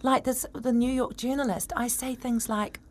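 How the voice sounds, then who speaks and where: A woman's voice: a little high, little pitch movement, normal speed, a little mellow. A woman, an actress chatting enthusiastically as a radio interview guest. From New Zealand.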